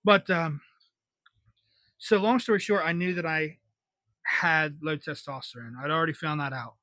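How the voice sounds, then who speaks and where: A man's voice: on the high side, moderate pace, sharp tone, no room sound. A man in his twenties telling a story on a podcast in a casual, blunt, wry way, swearing freely. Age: 20s. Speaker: podcast host.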